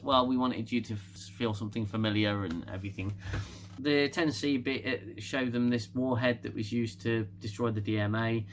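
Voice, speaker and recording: A man's voice: medium pitch, fairly bright tone, a little hiss or hum. A man casually recapping a TV episode, rambling with restarts and laughing often. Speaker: TV show reviewer.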